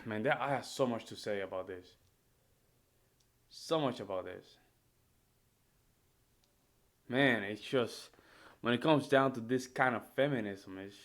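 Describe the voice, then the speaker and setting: Man, reaction video commentator, casual, exasperated, repeats himself, mid pitch. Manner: exasperated, repetitive interjections.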